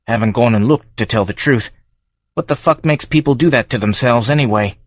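A man voicing a gruff, sweary village man. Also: mid-range voice, a little fast, dry recording, lightly acted. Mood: irritable. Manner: blunt and sweary. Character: gruff irritable male villager, worried about farms.

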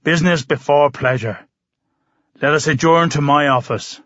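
A man's voice: on the high side, normal speed, dry recording, dull audio, natural voice. A man voicing a cheerful but menacing older bearded druid who speaks in a genial, lecturing way in an audiobook. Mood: genial menace. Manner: genial, lecturing, quietly threatening. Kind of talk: audiobook narration.

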